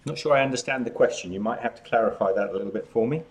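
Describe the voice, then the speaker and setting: A man's voice: medium pitch, rapid-fire. An outgoing Australian man hosting a casual live chat, talking while snacking. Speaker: cooking channel host.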